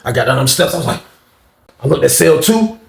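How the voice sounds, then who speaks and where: A man telling a casual storytime in slangy, animated speech, acting out what people said. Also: on the high side, brisk, gravelly. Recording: roomy echo.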